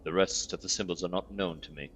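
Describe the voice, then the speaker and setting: A man voicing a stoic, guarded male warrior in a video game, speaking slowly in a low, solemn tone. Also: steady tone, a little hiss or hum, natural voice. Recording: dull lo-fi sound, faint music.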